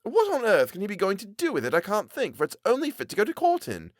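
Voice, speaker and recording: A man's voice: high voice, huge pitch swings, quick pace, dry recording, clean studio sound, voice pushed up. A man voicing a boastful, chatty male tailor in an audiobook, blustering and gossipy. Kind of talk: audiobook character voice.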